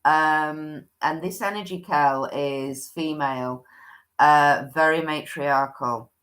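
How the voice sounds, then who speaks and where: A woman's voice: low voice, slow, a bit bright. A woman hosting a livestream, giving a chatty oracle card reading that often restarts and thinks aloud.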